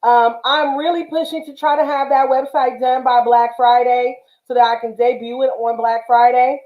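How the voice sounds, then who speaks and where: A chatty woman from the Bay Area hosts a craft livestream, greeting viewers warmly and peppering her talk with ums. Her voice sits high, and the sound is roomy and a little dull. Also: steady tone, normal speed. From Northern California, Bay Area. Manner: chatty, affectionate, many fillers. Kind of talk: casual livestream chat.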